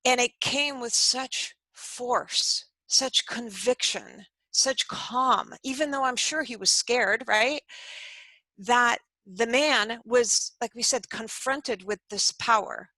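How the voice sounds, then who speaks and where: A woman's voice: fairly high pitch, slow, sharp tone, dry recording, low-quality recording. A woman speaking as an interview guest, telling a story in an earnest, conversational way and acting out the quoted voices.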